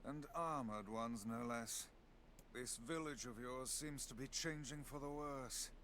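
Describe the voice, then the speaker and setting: An actor voicing a talking magic book in a video game, speaking in a condescending, formal way. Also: male voice, medium pitch, unhurried, a bit bright, lightly acted. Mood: haughty.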